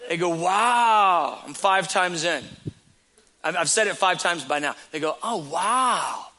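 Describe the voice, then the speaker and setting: Man, pastor, casual sermon, high voice, bright tone, chatty retelling of conversations. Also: moderate pace, a little hiss or hum. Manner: conversational storytelling with repeated phrases.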